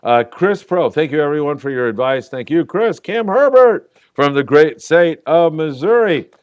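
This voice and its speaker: A sixty-something man hosts an easygoing fishing talk show, full of stories, jokes, and viewer comments he reads aloud. His fairly high voice has lively intonation and a smooth quality, at normal speed in a dry recording.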